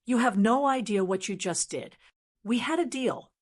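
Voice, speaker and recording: Woman reading as a shouty bullying adult son, blustering, kinda high and loud. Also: moderate pace, close to an everyday voice. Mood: furious. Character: furious grown son, shouting and demanding.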